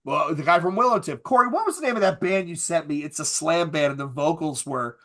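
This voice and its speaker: Bright-voiced man hosting a casual podcast. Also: fairly high pitch, lively intonation. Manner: loose, laughing, swearing, quick asides. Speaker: podcast host. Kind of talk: casual chat.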